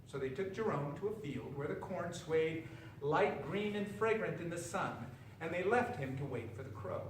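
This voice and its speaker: A man reading a children's story aloud, expressive and pausing for effect. His pitch rides lively and a little high. The recording is distant and roomy, with faint ambience. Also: a little hiss or hum.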